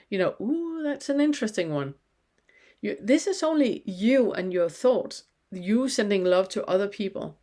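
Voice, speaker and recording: A woman leads a spiritual lesson in a soft, unhurried way. She asks one reflective question after another, pausing to let each one land. Her voice sits in an ordinary middle pitch. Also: sing-song. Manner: slow, gentle questioning with pauses. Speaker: spiritual teacher. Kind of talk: guided spiritual teaching.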